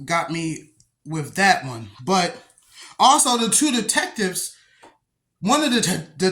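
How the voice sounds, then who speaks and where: A young man casually telling a story from his own life, profane and streetwise, acting out the dialogue as he goes. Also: high voice. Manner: profane, streetwise, animated retelling with acted-out dialogue.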